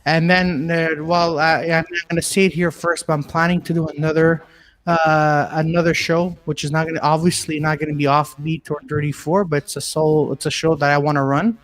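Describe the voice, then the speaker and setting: A male comedian chats on a live video call show. He rambles and hesitates, filling gaps as he goes. His voice sits a little higher than usual for a man. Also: flat delivery, a little fast. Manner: hesitant, rambling with many fillers. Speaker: comedian and podcast co-host.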